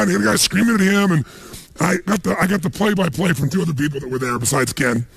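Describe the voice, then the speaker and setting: Male motivational speaker, middle-aged, gravelly voice pitched a bit high, lively seminar storytelling. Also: fast talker, no room sound. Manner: animated, jumps into voices of people in his stories.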